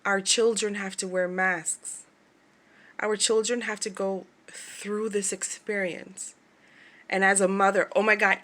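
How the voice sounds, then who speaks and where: A woman's voice: mid-range voice, fairly bright tone. Chatty, laughing woman vlogger. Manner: chatty, laughs often, imitates other people's voices. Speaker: craft shop owner vlogger. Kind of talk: casual chat to camera.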